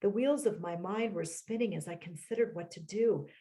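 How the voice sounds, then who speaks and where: A woman author reading aloud from her own memoir in a measured, reflective way, with short personal asides, over a home computer mic on a video call. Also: mid-range voice, dark tone.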